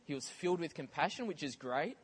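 A man preaching a sermon in a conversational, animated way, with casual asides to the congregation. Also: fairly high pitch, brisk, husky.

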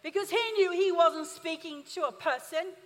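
A woman's voice: very high-pitched, moderate pace. A woman pastor preaching an emphatic sermon, calling on the congregation to answer back. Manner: emphatic, call-and-response preaching. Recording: reverberant church hall.

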